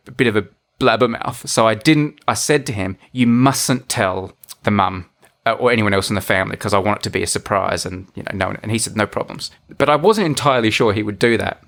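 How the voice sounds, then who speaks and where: A man's voice: medium pitch, a bit bright. A man co-hosting a podcast, telling a story in casual chat and acting out the quoted voices. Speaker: podcast co-host.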